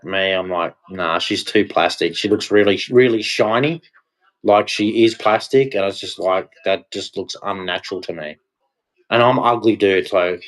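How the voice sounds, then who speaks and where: A man's voice: fairly low pitch, low-quality recording. A man ranting heatedly in a casual vlog monologue, blunt and repetitive, swearing now and then. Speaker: vlogger.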